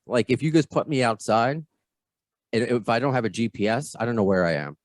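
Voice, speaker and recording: A man's voice: medium pitch, animated, fairly quick, dry recording. An American man hosting a podcast interview over a video call, chatty and self-deprecating, often repeating his words. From United States. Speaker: podcast host.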